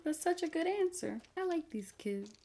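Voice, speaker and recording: A woman's voice: sits high, moderate pace, a little hiss or hum. A woman hosting a movie reaction, talking casually and exclaiming at the screen as she watches. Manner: expressive, exclaims and talks at the screen.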